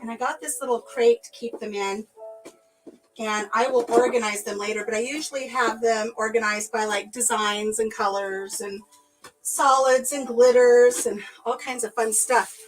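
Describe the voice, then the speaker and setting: Chatty, slightly high-voiced woman vlogger, live-stream chat while tidying. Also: steady tone, normal speed, soft background music, low-quality recording. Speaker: craft vlogger.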